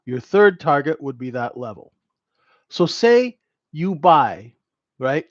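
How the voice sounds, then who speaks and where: A man's voice: fairly high pitch, no room sound, lo-fi sound. A man teaching a live trading class in a conversational way, who keeps checking in with "right?". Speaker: trading instructor.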